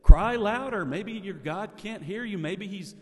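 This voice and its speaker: A man's voice: on the high side, big pitch swings, unhurried, long reverb tail. A man preaching who quotes a bold lone prophet in his own voice, challenging and taunting. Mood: mocking.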